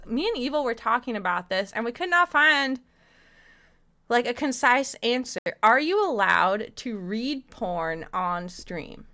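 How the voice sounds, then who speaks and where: A woman's voice: fairly high pitch, sharp tone. A woman live streamer chatting casually and loosely with her viewers, swearing freely. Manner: loose, profane, talks straight to chat.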